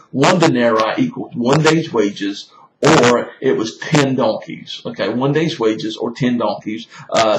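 Male pastor, casual halting Bible-study delivery; echoey, noisy room sound. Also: medium pitch. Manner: halting, repeats words, many fillers. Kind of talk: informal Bible-study teaching. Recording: echoey room with loud noise.

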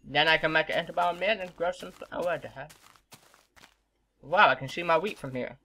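Excitable young man with a bright voice. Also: on the high side, a little fast. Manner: excitable, swears often, shouts at mobs. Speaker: gaming video host. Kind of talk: casual gameplay commentary. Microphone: desk microphone.

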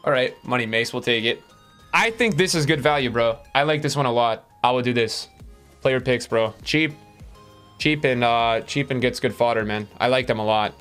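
A male streamer giving live-stream commentary to his chat, excitable and swinging between hype and letdown with plenty of fillers. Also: mid-range voice, moderate pace, clear, resonant tone, soft background music. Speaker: streamer opening game packs.

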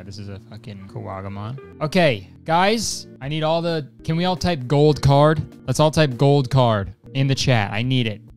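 Excitable young man streaming, swearing often. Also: mid-range voice. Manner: excitable, swearing a lot, swings between hype and frustration. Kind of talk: live-stream card opening.

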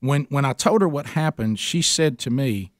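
At a moderate pace and mid-range pitch, a man in his forties on a radio talk show spins a funny story. He is a lively storyteller who performs the quoted voices of the characters involved.

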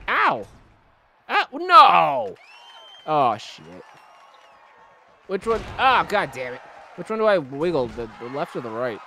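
A man giving let's-play commentary on a video game, excitable, often shouting and swearing. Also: high voice, a little slow, vocal fry, long pauses, some chatter behind, slight background noise. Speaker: gamer.

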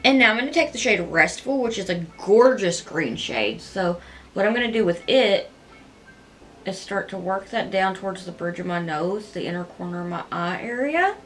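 A woman narrates her makeup tutorial at home in a casual, chatty way, gushing over every shade while she talks through each step. Her voice sits in a middle pitch for a woman. Faint music plays softly underneath. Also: expressive, moderate pace.

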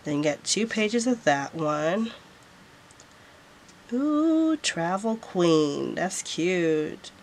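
A woman vlogger talks through a planner haul in a relaxed, unhurried way, gushing over every sticker. Her voice sits a little low, and there is a faint hum behind her. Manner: gushing, repeats "so freaking cute". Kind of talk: casual product haul.

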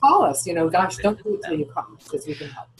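A woman's voice: lowish voice, very animated, quick pace, breathy edge, low-quality recording. A woman guest on a podcast interview, explaining things in a chatty way and posing questions to herself as she goes. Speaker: guest, founder of retirement account custodian.

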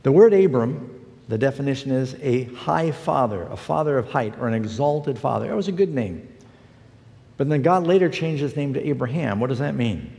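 A man's voice: mid-range voice, animated, moderate pace, gravelly, mellow, long reverb tail. A man preaching a broadcast sermon, telling stories in a folksy, emphatic way.

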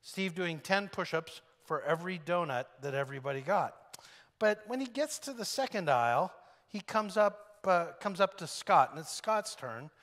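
A pastor with a voice that sits high preaches at a moderate pace, his sound filling a big room. He is an animated storyteller, telling a story and acting out the voices of the people in it.

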